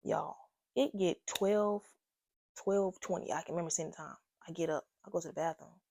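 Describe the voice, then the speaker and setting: A young woman telling a casual storytime to her viewers, animated and slangy, talking straight to the camera. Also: lowish voice, moderate pace, vocal fry, no echo, clean studio sound. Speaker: vlogger. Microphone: own microphone.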